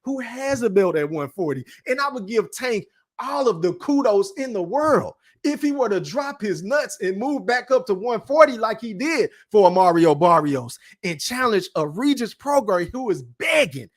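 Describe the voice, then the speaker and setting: A man with a fairly high voice rants bluntly on his own podcast. He swears freely and talks loosely, like a livestream chat. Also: sing-song, normal speed, few pauses. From Texas. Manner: profane, blunt, ranting. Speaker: podcast host. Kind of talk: casual boxing rant and livestream chat.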